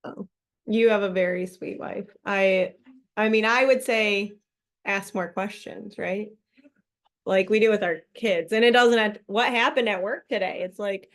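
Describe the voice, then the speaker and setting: Animated laughing woman hosting a book club. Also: mid-range voice, normal speed. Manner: animated, laughs often, acts out quoted voices. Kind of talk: casual group chat.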